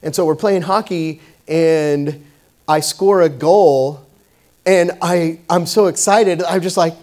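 A man's voice: high-pitched, slow, a little mellow. A man preaching a sermon in a conversational way, telling a personal story with many fillers and restarts. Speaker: pastor.

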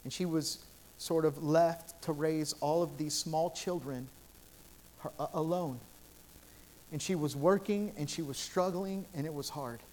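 A man's voice: fairly high pitch, a little slow, a little mellow, a little hiss or hum. A male pastor preaching a sermon in a church sanctuary, telling stories in an earnest, repetitive way with frequent restarts.

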